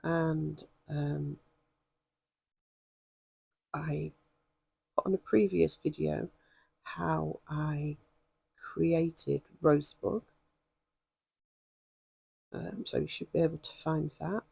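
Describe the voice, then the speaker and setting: Woman, hoarse, very gravelly, husky, casual craft-vlog rambling. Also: sits low, steady tone, drawn-out words, long pauses, warm tone, dry recording. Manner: rambling, self-deprecating, many ums. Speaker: craft vlogger. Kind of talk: chatty stitching demonstration.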